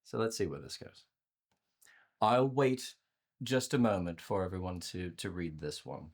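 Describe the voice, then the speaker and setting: A man presenting a workshop on communication to a virtual audience, conversational and animated, often repeating words as he restarts his sentences. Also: a little slow. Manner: acts out inner voices with playful pitch jumps. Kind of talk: live talk to a virtual audience.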